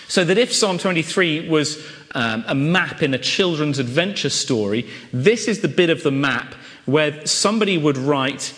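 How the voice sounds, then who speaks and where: A male preacher delivers a sermon at an unhurried, measured pace. He stacks up rhetorical questions for dramatic effect. His voice rings out with a long reverb, as if filling a large church hall. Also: mid-range voice, sing-song, fairly bright tone.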